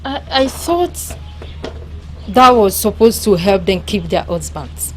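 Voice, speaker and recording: A naive young daughter with a Nigerian accent, speaking slowly with puzzled hesitation. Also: female voice, medium pitch, lively intonation, soft background music.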